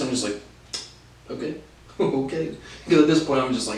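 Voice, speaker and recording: A young man, the host, tells college stories in a loose monologue, sardonic and profane, laughing between lines. His mid-range voice is slightly mellow and a bit quick, broken by long pauses. The mic sits far off, so the sound is roomy and echoey with faint noise.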